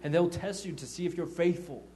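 A man delivers a casual, heartfelt sermon built from personal stories. His voice sits a little high for a man, and he trips into repeated restarts as he talks. He brings the tale to life by acting out the lines of the people in it. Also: brisk, slight background noise. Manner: animated storytelling, acting out quotes; frequent stammered restarts. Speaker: church leader. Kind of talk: informal testimony sermon.

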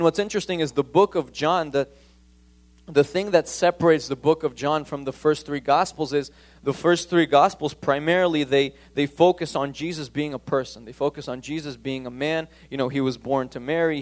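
A man preaching a conversational sermon, emphatic and repeating key points. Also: on the high side.

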